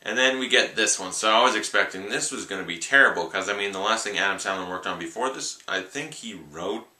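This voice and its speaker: A young man talks through a film review in a loose, offhand ramble that leans on "like". His voice sits fairly low but sounds very bright. The room is echoey. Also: fast. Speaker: movie reviewer. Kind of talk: casual spoken film review.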